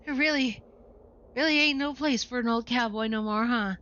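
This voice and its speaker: A woman voicing a folksy, wistful old male cowboy who talks in a slow Western drawl. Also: a little high, fairly bright tone, dull audio, pitched above the performer's own voice, natural voice. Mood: dismayed.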